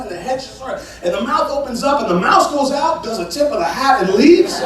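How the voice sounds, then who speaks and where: A man in his thirties doing a stand-up comedy set, telling a story with lively energy and acting out voices. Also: sits high. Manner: animated storytelling, acts out voices and rising excitement. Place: large church hall with a live audience. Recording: echoey hall from far off, audience laughter.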